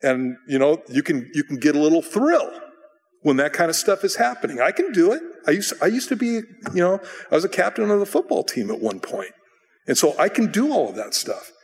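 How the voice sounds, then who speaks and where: A middle-aged man preaching a sermon as a pastor, conversational and self-deprecating, now and then bursting into acted shouts. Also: a little high, very animated, brisk. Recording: long reverb of a large hall.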